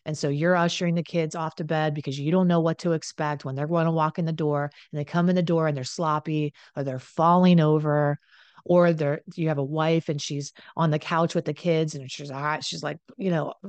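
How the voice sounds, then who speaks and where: Deep-ish woman coach talking frank and casual, dry close sound. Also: fairly even intonation, fairly quick, a little mellow, dry recording. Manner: frank, conversational, with swearing and repeated phrases. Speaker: addiction and relationships coach. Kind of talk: direct-to-camera advice monologue.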